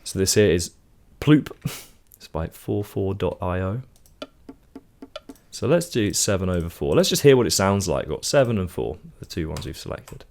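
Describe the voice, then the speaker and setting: Deep-voiced man teaching songwriting. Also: animated, moderate pace, vocal fry, a little mellow. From United Kingdom. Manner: casual, explains step by step, counts beats aloud. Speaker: music teacher. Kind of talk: songwriting lesson with counting aloud. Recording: faint guitar and music behind.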